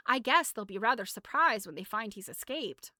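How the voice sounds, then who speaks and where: A woman's voice: on the high side, big pitch swings, normal speed, sharp tone, no echo, clean studio sound. A woman doing an earnest young boy. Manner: earnest and sensible. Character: eager, practical young boy.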